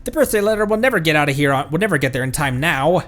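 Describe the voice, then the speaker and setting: A man voicing a flustered, hurried middle-aged father who uses fussy old-fashioned exclamations. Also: fairly high pitch, lively intonation, fairly bright tone.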